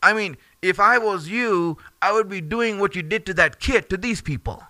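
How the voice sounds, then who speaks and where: A man teaching a religious lesson in an animated, conversational way, often dropping in fillers between his points. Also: sits high, normal speed, no room sound. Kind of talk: storytelling sermon.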